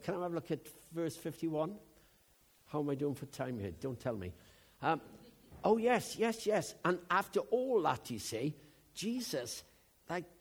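A man preaching a sermon in a conversational way, dropping to hushed asides and rising to loud, emphatic bursts. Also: on the high side, creaky, slightly rough.

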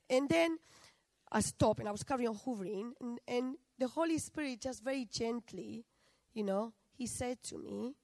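A woman's voice: a little high, moderate pace, vocal fry, a little mellow, dry recording, low-quality recording. A middle-aged woman preaching a sermon in a conversational way, often asking her listeners questions.

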